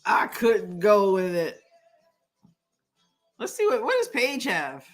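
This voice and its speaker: Laughing, slow-talking woman streamer. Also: mid-range voice, wildly swooping pitch, soft background music. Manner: laughs often, sings playful call-and-response prayer lines. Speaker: live-stream host. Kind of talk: casual live-stream chat.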